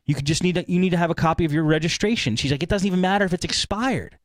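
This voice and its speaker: Male podcast host, animated anecdote teller, fast delivery, dry mic. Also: high voice, no echo. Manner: rambling, animated retelling with acted-out quotes. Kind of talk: casual storytelling.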